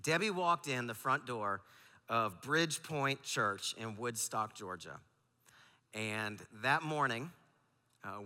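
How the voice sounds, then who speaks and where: A man's voice: mid-range voice, pushed and bright. A man pastor telling a personal story in a sermon, earnest and peppered with fillers. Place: large church auditorium. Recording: long hall reverb.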